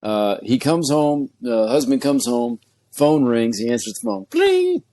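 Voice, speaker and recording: Man, podcast host, casual chat, animated storytelling, mid pitch, dry. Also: a little slow, no room sound. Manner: animated storyteller, acts out voices, laughs often.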